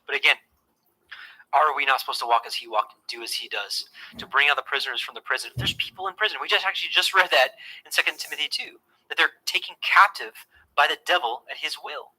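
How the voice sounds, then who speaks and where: A man's voice: on the high side, fast, pushed and bright, husky, rough recording. A man teaching scripture to his online audience in an earnest, conversational way, often repeating words and restarting his sentences.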